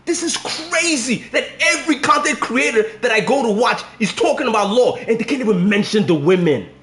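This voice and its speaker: A man delivering a profane fighting-game commentary rant, swinging between low grumbling and shouted outbursts. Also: animated, a little fast, echoey room. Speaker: fighting game content creator.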